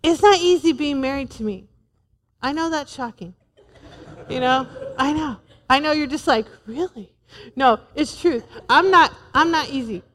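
A woman's voice: high-pitched, moderate pace, a bit bright, big-room sound. A woman in her forties preaching a sermon to a church, humorous and emphatic, repeating her points. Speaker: pastor's wife preaching.

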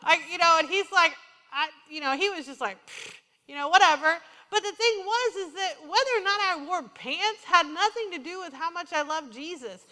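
Woman preacher, high and bright, lively storytelling sermon, church hall reverb. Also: normal speed. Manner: animated storytelling, quoting herself and others. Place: church sanctuary.

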